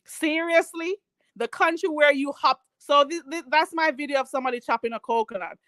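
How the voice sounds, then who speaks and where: Jamaican lady ranting on her stream, sassy n mocking, high voice, dry close sound. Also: a little fast, fairly bright tone, no echo. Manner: sassy, mocking, calls others "child". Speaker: vlogger. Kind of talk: live-stream rant.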